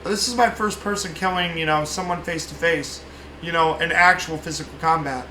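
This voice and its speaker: Dude doing a creepy calm villain guy, cold and flat, echoey room. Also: on the high side, normal speed, slight background noise. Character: cold creepy male villain, unbothered by killing.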